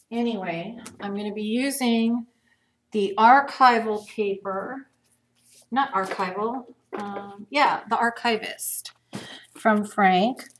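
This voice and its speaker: A woman's voice: medium pitch, a bit bright, a little hiss or hum. A middle-aged woman chatting her way through a live craft demonstration, thinking aloud as she works.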